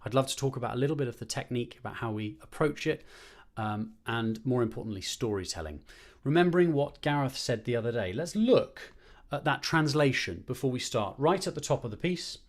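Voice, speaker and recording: With a mid-range voice, lively intonation and a fairly quick pace, a man conducts a choir rehearsal and warm-up streamed online to a screen. His coaching is upbeat and encouraging, with counted breathing.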